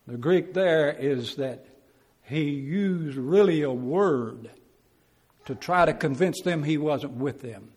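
A man's voice: a little high, takes it slowly, darkish tone, husky, big-room sound. A man preaching a Bible class sermon in a folksy, plainspoken way, acting out quotes and chuckling.

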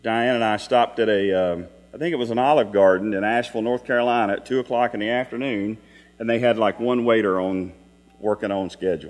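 A man's voice: mid-range voice, normal speed. A middle-aged man preaching a Sunday evening sermon in a church, telling folksy stories and asking the congregation rhetorical questions. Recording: long hall reverb with mains hum.

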